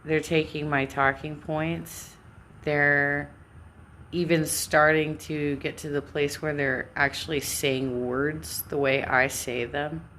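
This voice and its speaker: A woman with a Californian accent chats at an unhurried pace to her live stream viewers. Her voice sits low, and she rambles, restarts and laughs off her own sentences as she goes. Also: little pitch movement, fairly bright tone, a little hiss or hum. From Southern California. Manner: rambling, self-interrupting, laughs often. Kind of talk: casual monologue.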